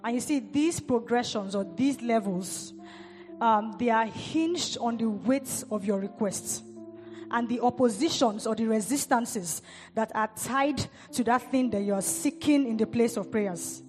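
A woman's voice: on the high side, moderate pace, darkish tone, big-room sound, faint music behind. A woman giving a sermon, repeating and stressing key words as she builds emphasis. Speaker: preacher.

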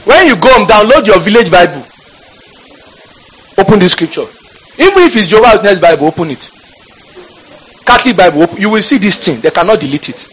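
A man preaching a fiery sermon in church, shouting out scripture and calling on the congregation. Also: high voice, big pitch swings, brisk, long pauses, breathy edge, poor audio.

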